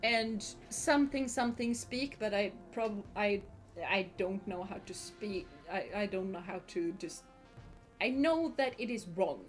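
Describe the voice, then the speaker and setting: A woman's voice: mid-range voice, a little slow, faint music behind. A woman from Sweden, streaming a game in casual chat, giggling often and answering comments from chat.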